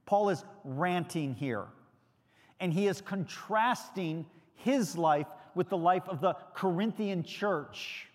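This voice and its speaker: A pastor delivering a sermon in a church, his voice sitting a little high for a man. He preaches conversationally and keeps putting questions to the congregation. The sound carries a long reverberant hall tail. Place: church sanctuary.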